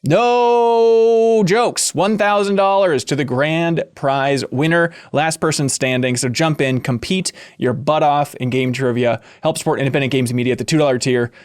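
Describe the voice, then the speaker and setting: A man hosting a games podcast in a playful, jokey way, breaking into sudden excited whoops. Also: medium pitch, normal speed, few pauses, no echo, studio quality. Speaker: podcast host.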